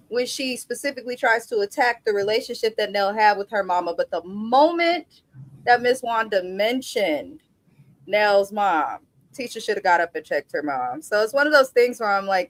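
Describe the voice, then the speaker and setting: A woman's voice: medium pitch, no room sound. Woman co-host, blunt, cussing, emphatic, dry close sound. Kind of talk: casual review chat.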